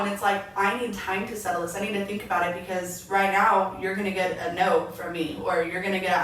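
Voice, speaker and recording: Animated woman chatting in an echoey room. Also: medium pitch, fairly quick. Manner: animated storyteller, quotes herself. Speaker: podcast co-host. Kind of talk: casual chat. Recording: echoey room, mic far off, faint noise.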